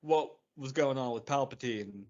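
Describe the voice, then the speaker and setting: A man co-hosting a podcast, chatting casually with animated joking asides. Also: mid-range voice, moderate pace, muffled recording, noisy background. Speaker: podcast co-host. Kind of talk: casual comedic chat.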